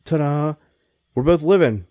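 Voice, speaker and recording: A man's voice: on the high side, a little slow, dark tone, no echo, muffled recording. A man co-hosting a casual podcast, swearing freely in laid-back banter with his friend. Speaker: podcast co-host.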